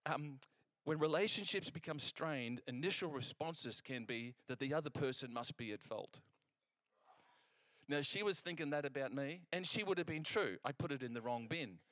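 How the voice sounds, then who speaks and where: A man preaching a sermon, telling a personal story in an animated, conversational way and acting out the exchanges, with frequent restarts. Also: on the high side, normal speed, dry recording.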